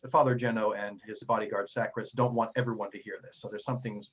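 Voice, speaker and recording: A man's voice: fairly low pitch, steady tone, fast talker. A man narrating a tabletop game as game master, describing scenes at length with frequent fillers, in a slightly muffled recording.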